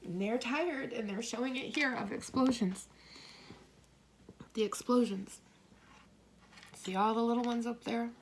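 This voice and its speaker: A middle-aged woman giving a tarot and coffee-ground reading, rambling, cursing now and then, and slipping into soft whispers. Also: fairly high pitch, unhurried, pauses often, slight background noise. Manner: swears freely when relaying messages. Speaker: tarot reader.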